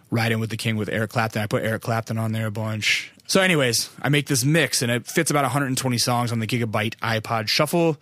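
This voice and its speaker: A young American man rambles through a podcast monologue in a loose, profane way, full of likes and uhs. His voice sits at an ordinary middle pitch. The recording is close and dry, with no room sound. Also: fairly bright tone, no echo. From United States. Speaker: podcast host.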